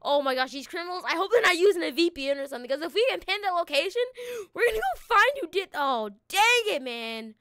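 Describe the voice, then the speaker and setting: Brief: woman game commentator, very high and bright, excitable, lots of exclamations. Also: fast talker, few pauses, dry recording, studio quality. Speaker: gaming video host. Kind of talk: excitable let's-play commentary.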